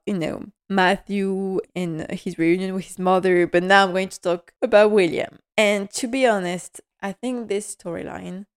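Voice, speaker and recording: A woman hosting a podcast, giving a casual episode recap in a quick, emotional, heartfelt way. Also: fairly low pitch, clean tone. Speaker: podcast host.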